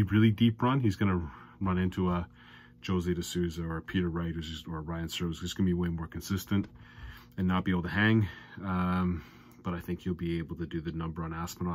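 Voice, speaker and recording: A man with an exasperated, ranting manner, giving darts predictions and betting picks as a host. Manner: ranting, exasperated, loud and high when worked up. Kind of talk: sports betting commentary.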